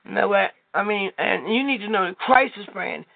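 A man's voice: high voice, animated, normal speed, creaky, no room sound. A man leading a prayer call, preaching informally in a rambling way, full of filler phrases. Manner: rambling, heavy with "you know what" fillers. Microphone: telephone. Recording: tinny phone line.

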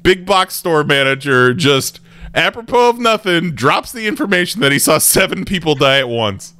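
A man's voice: fairly high pitch, big pitch swings, normal speed, sharp tone, dry recording. A man hosting a podcast in casual chat, rambling with restarts and laughing often. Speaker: podcast host.

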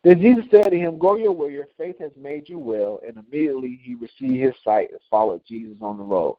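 A man teaching a Bible study and leading a closing prayer, preaching emphatically with rising and falling loudness. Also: mid-range voice, fairly quick, no echo. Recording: tinny phone-line sound, dry.

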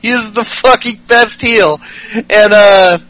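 A high-pitched man with a bright, ringing voice runs through a wrestling recap in casual podcast chat. He swears freely and gets worked up, jumping into the wrestlers' lines as he goes. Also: slow, no room sound, poor audio. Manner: profane, excitable, mimics wrestlers' lines. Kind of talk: casual comedic recap with acted-out quotes.

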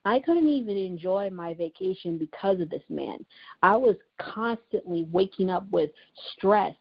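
A woman's voice: mid-range voice, animated, unhurried, creaky, slightly rough. A woman host recounting a painful personal story in an earnest, emotional monologue, repeating herself for emphasis. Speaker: podcast host and writer. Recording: dull lo-fi recording.

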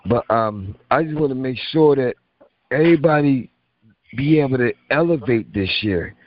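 A man's voice: medium pitch, animated, moderate pace. A man hosting a call-in radio show, talking in a rambling, emphatic, slangy way. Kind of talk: casual call-in radio chat. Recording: muffled internet radio stream.

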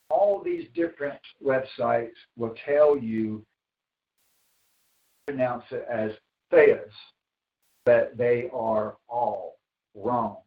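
A man preaching a sermon as pastor, slow and emphatic, repeating phrases for weight. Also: mid-range voice. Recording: echoey, dull sound from far off the mic.

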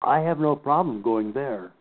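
An older man teaching a Bible class, slowly and emphatically picking apart scripture word by word. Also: mid-range voice, animated. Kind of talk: Bible study lecture. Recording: tinny phone-like recording.

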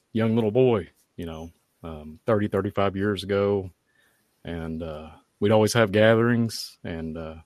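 A man, giving a halting, heartfelt personal testimony at a prayer meeting. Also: on the low side, a little mellow, dry recording, studio quality. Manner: halting, heartfelt, many fillers. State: tearful at times.

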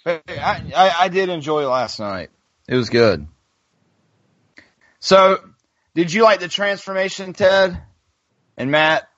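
A man's voice: sits high, expressive, takes it slowly, long pauses, a bit bright, dry recording. A man co-hosting a casual podcast chat, talking hesitantly and often repeating words. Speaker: podcast co-host. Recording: dull lo-fi podcast audio.

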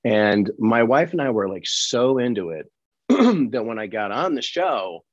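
A man from Colorado, an actor guest telling lively anecdotes in a casual interview, acting out other people's lines. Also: medium pitch, unhurried, no room sound, highs cut off. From Colorado, USA.

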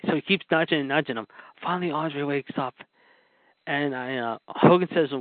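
Speaking briskly in a slightly high voice, this man hosts a podcast on wrestling history, rambling through casual stories packed with fillers and asides he keeps repeating. The recording is dry, with a narrow, phone-like sound.

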